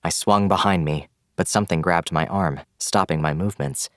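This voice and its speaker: A man giving scripted, measured audiobook narration of a fantasy novel. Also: low-pitched, fairly bright tone, clear, resonant tone, no echo, studio quality.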